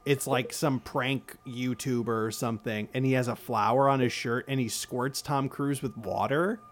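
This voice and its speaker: A man co-hosting a casual podcast chat, rambling and animated, often slipping into silly impressions. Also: mid-range voice, normal speed. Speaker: podcast co-host.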